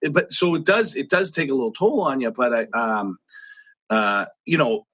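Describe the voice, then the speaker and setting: A man's voice: mid-range voice, moderate pace, fairly bright tone, slightly rough. A man with a Boston accent, a podcast guest telling race stories in casual conversation and laughing often.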